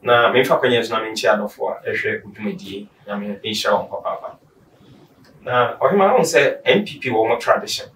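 A man's voice: on the low side, a little fast, fairly bright tone, slight background noise. Ghanaian man commentating, echoey and distant. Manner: lengthy, reasoned explanations mixing in English. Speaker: social commentator guest. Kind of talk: explaining political views in chat. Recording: roomy, distant mic.

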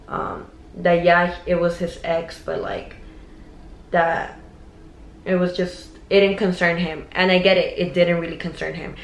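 Young girl telling gossip while doing makeup, chatty, lots of likes, roomy echo. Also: on the low side. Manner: chatty, gossipy, mixes in Spanish words. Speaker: beauty vlogger.

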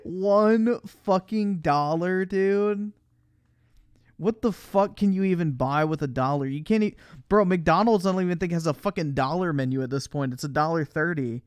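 A man's voice: a little high, moderate pace, clean tone, no room sound. A young man streaming a casual reaction, swearing constantly, laughing, and mocking what he watches. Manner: crude, profane, laughing, mocking.

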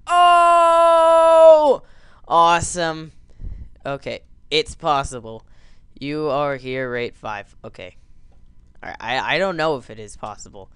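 A young man doing jokey let's play commentary, excitable and yelping and cheering as he plays. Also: medium pitch, gravelly, clear, resonant tone, no room sound. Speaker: gameplay commentator.

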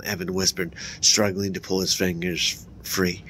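Guy with a lowish voice reading a kids horror book out loud, faint rumble behind him. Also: level tone, a little slow, few pauses. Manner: voices characters' lines higher and louder, drops low for narration tags. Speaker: book reader.

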